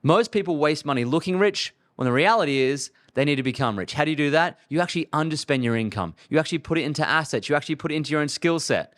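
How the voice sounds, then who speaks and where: A man in his thirties lectures on money in a blunt, punchy way and leans hard on his key lines. His voice sits a little above the usual male pitch. He talks like a host giving advice straight to the listener. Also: lively intonation, fast talker, hardly any pauses, a bit bright. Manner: blunt, emphatic, punchy delivery.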